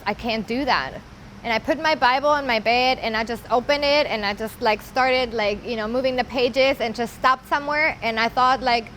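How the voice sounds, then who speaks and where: A woman telling her personal story in an earnest, halting way, often pausing with casual fillers. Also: on the high side, fairly bright tone, slight background noise, rough recording. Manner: earnest, halting, with many "like" and "you know" fillers. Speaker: interviewee sharing her story. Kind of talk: personal testimony.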